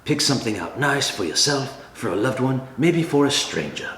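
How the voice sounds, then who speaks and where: A man hosting a comedic review, talking in a dry, deadpan way. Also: mid-range voice, normal speed. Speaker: cigar reviewer, channel host. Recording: echoey room with faint ambient noise.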